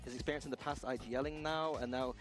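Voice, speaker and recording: A male esports analyst breaks down the match in rapid, filler-heavy talk. Clear music sits beneath his live broadcast commentary. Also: mid-range voice, steady tone.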